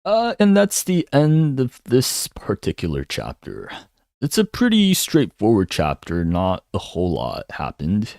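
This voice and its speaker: A man's voice: lowish voice, huge pitch swings, a little slow, creaky, a little mellow, no echo, studio quality. A man giving a casual solo breakdown of a comic chapter. He rambles and hums filler syllables while he thinks. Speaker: manga commentator.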